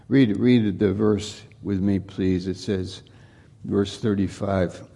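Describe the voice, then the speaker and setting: Slow gravelly pastor preaching. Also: male voice, on the low side, little pitch movement, dark tone. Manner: unhurried, repeats and restarts words. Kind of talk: sermon.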